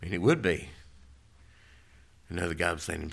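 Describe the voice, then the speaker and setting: A male pastor preaching a sermon, emphatic, swinging from loud declarations to low, quiet lines. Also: lively intonation, fairly quick, gravelly, pauses often, breathy edge.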